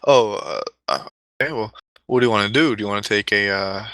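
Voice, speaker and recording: Brief: man doing a fumbling, eager-to-please parent; bright, slightly low voice. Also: fairly quick, dry recording. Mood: flustered. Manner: flustered, stammering. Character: flustered, eager-to-please middle-aged parents.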